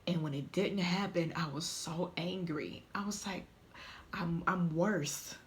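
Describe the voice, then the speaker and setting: A woman telling her own story in a vlog, halting and tearful at times, often dropping to a whisper. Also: fairly low pitch, slight background noise. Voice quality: often drops to a soft whisper. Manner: halting, tearful, stumbling over words. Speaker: vlogger. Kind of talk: emotional personal vlog.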